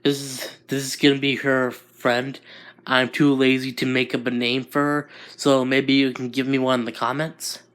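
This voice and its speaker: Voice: medium pitch, flat delivery, moderate pace, fairly bright tone, clean tone. A casual narrator telling a fan-made story, rambling and talking to viewers.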